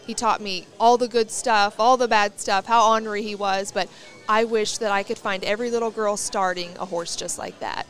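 A woman's voice: medium pitch, steady tone, normal speed, a bit bright, soft background music. Chatty woman hosting a podcast. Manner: chatty, storytelling, enthusiastic. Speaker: podcast host. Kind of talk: casual interview chat. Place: rodeo arena event.

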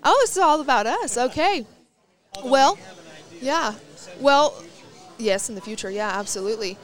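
A woman's voice: sits high, expressive, moderate pace. A woman hosting a casual podcast interview, chatty and enthusiastic, telling stories at length. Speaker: podcast host. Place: rodeo arena event.

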